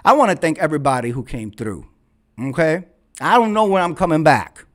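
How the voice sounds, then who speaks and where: High-voiced man ranting. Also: sing-song, moderate pace, long pauses. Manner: profane, fiery, repeats phrases for emphasis. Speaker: vlog host. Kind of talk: ranting commentary. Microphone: red microphone.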